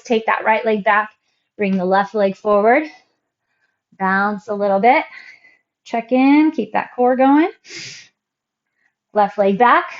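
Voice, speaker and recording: A woman fitness instructor calmly cueing moves and counting reps through a workout class. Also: mid-range voice, lo-fi sound. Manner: calm, encouraging cues and counting reps.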